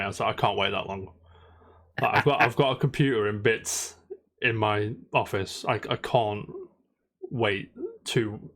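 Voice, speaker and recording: A man co-hosting a casual podcast, telling a long rambling story and swearing constantly. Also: on the low side. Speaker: podcast co-host. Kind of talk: casual chat.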